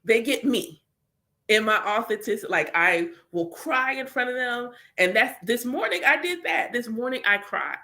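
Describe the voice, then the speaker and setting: Chatty higher-voiced woman on spirituality. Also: animated, moderate pace, bright, forceful tone. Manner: candid, chatty, full of filler "like"; slips into voiced quotes of prayers and conversations. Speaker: spiritual reader and teacher. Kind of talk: casual spiritual talk.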